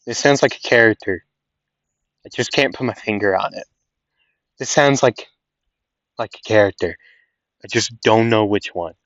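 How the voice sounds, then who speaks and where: A man's voice: lowish voice, moderate pace, pauses often, fairly bright tone, dry recording, dull audio. A young man rambling through casual anime commentary, laughing at himself and swearing offhand. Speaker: anime content creator.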